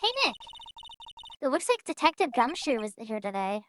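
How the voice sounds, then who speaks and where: A woman's voice: on the high side, very animated, moderate pace, a little hiss or hum. A woman voicing an eager young female assistant who keeps prodding her partner along.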